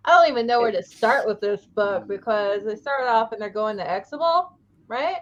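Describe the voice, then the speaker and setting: A woman's voice: fairly high pitch, expressive, normal speed. A woman co-hosting a comic review show, talking in a rambling, exasperated way with many restarts. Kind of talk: casual chat. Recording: dull lo-fi sound.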